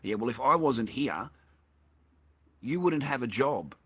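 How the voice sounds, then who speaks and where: A man's voice: medium pitch, expressive, unhurried, slightly rough. An Australian man in a rambling, heated, profane monologue, swearing constantly.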